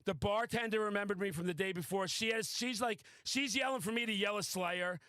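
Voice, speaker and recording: A high-pitched man hosts a casual podcast chat, talking in an excitable, boastful rush and swearing freely. His voice is recorded dry and close, with no room sound around it. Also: fairly quick, no echo. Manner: excitable, boastful, profane storytelling. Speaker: podcast host.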